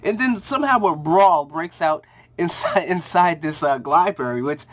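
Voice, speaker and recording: A young man casually recapping a TV episode, rambling with lots of slang, fillers and quick acted-out quotes. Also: a little high, lively intonation. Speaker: TV reviewer.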